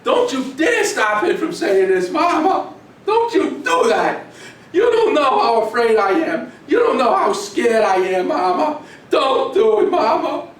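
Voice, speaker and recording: A man voicing his frightened teenage daughter, who shouts and pleads with her mother. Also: very high-pitched, big pitch swings, unhurried, voice pushed up, full character voice. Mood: pleading, frantic. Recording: echoey room from far off.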